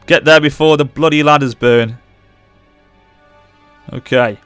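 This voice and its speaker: A man commentating live on his strategy game as he plays, urging his units on and reacting loudly to the battle. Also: fairly high pitch, a little slow, clean tone, no echo, faint music behind. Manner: urgent, excitable, barks orders at units. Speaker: gaming channel host.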